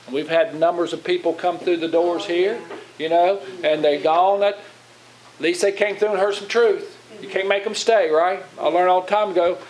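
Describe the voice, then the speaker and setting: Plain-spoken preacher, a man with a higher voice. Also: fairly even intonation, normal speed, darkish tone, low-quality recording. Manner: plain-spoken, conversational, asks the congregation questions. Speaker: pastor. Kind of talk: sermon. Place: church.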